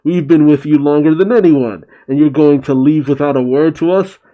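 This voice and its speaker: A man's voice: on the high side, normal speed, narrow, tinny audio, natural voice. A man voicing a stern, formal middle-aged samurai retainer who scolds. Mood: scolding.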